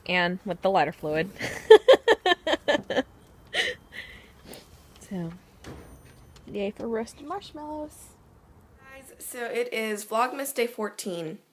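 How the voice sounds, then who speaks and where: A woman's voice: fairly high pitch, very animated, drawn-out words, long pauses. A woman vlogging in a casual, chatty way, laughing often as she talks. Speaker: beauty vlogger. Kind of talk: casual vlog chat.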